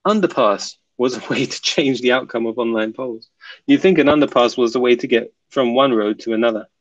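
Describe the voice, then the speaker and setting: A man's voice: mid-range voice, fairly quick, lo-fi sound. A man hosting a casual live stream, reading viewer comments aloud and answering them, often laughing. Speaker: livestream host reading chat.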